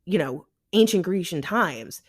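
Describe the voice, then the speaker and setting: A woman guest on a podcast, a paranormal investigator chatting casually in an animated way, swearing freely and acting out what others say. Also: lowish voice, measured pace, slightly rough.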